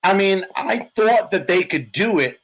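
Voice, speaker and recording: A man on a football podcast, gushing about his team with animated energy and plenty of swearing. His voice sits a little high and sounds slightly hoarse. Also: measured pace, rough recording. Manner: animated, profane, laughing. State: hoarse from yelling. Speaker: podcast co-host, Giants fan. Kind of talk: excited sports chat.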